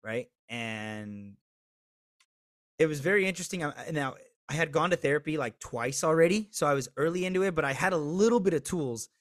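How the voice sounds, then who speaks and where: Man guest in his 30s, frank animated storytelling, dry close sound, loud then hushed. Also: a little high, brisk, no echo. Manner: animated storyteller who swings between loud and hushed, swears freely. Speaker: podcast guest. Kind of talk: candid storytelling interview.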